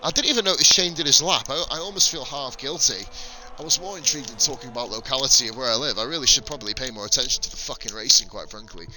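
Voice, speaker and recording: A man's voice: medium pitch, quick pace, sharp tone, poor audio. A man with a northern English accent mixed with Welsh, commentating a sim race on a live stream and bantering with viewers, swearing freely. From northern England.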